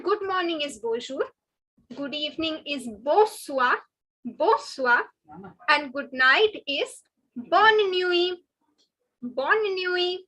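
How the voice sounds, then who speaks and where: A woman from India, teaching French in an online lesson and drilling words slowly with lots of repetition. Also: high-pitched, bright, forceful tone, poor audio. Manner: slow, drawn-out pronunciation drills with repetition. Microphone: webinar headset or computer mic.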